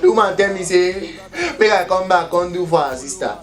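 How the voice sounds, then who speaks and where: A man with a Nigerian Pidgin accent excitedly retelling a mishap in a comedy skit, breathless and chuckling as he talks. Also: high-pitched, normal speed, soft background music. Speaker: comedian telling his own story.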